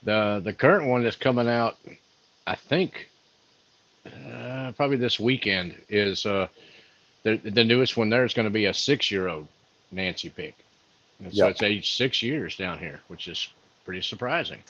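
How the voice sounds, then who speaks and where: A laid-back man co-hosting a casual livestream, low in pitch and easygoing as he reads chat. The sound is dry and slightly dull. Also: moderate pace, a bit bright, no room sound. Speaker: livestream co-host.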